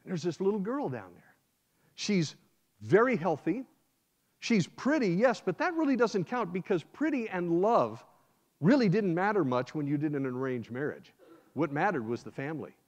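An American man with a high voice gives a sermon as a guest preacher, acting out scenes as a storyteller. His voice comes through dull and lo-fi. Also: normal speed. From United States. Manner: animated, acts out scenes in first person. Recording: dull lo-fi sound.

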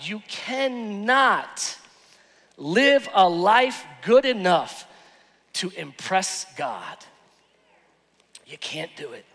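A man preaching a sermon as pastor, telling stories with animated swings from hushed asides to shouted lines. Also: high voice. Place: large church hall. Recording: long hall reverb.

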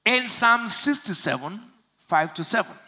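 Nigerian pastor preaching, high bright voice, drops low then shouts, keeps asking the crowd to answer back. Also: male voice, lively intonation, unhurried, breathy edge. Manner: preaches with call-and-response questions, swinging from low murmurs to loud shouts. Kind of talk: sermon. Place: church service.

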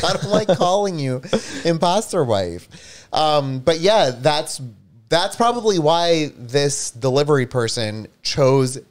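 A man's voice: on the high side, expressive, slow. A man co-hosting a casual livestream chat, joking and teasing, often losing his train of thought. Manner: teasing, jokey, trails off mid-thought. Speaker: co-host.

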